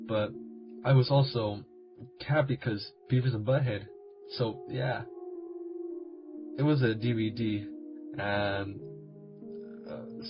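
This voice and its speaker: A man reading a parody creepypasta for laughs, rambling and crude with self-mocking asides. The recording is dull and lo-fi, with loud music playing under his voice. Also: medium pitch. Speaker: video host.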